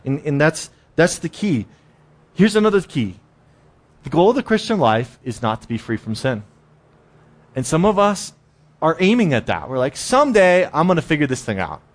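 A man's voice: fairly high pitch, big pitch swings, moderate pace. A man giving a casual, conversational sermon, often repeating words and acting out inner voices. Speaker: preacher.

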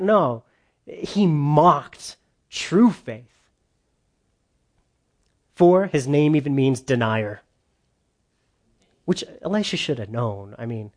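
A man's voice: a little high, animated, unhurried. A man preaching a sermon in a church, emphatic and conversational, often slipping into quoted voices. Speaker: pastor.

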